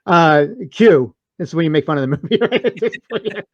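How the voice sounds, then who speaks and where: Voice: medium pitch, animated, normal speed, lo-fi sound. A podcast co-host in casual movie review chat, rambling and swearing with lots of restarts.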